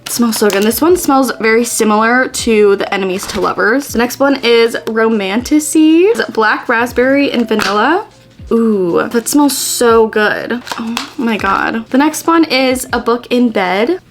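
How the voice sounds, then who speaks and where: A woman's voice: fairly high pitch, a little slow. A young woman chatting casually in a bubbly, gushing way as a book vlogger, full of "like" and "literally". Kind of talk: casual vlog chat.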